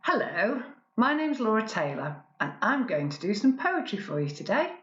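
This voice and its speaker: A woman spoken word poet introducing her poems in a relaxed, wry way. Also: on the high side, moderate pace, roomy sound, highs cut off. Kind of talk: introducing a poetry set.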